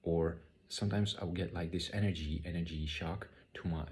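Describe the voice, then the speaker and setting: A man telling a personal spiritual story in a halting way, often repeating words and using many fillers. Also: low voice, fairly even intonation, a little mellow. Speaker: spiritual vlogger. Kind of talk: personal testimony monologue.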